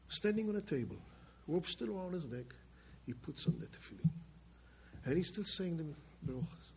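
Brief: older male storyteller, raspy voice, high and lively, emphatic delivery. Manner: emphatic, halting, dramatic. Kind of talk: spoken family testimony.

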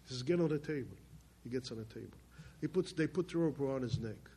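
An older man giving a spoken testimony from his family's past, emphatic and halting. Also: mid-range voice, warm tone, slight background noise. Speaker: storyteller.

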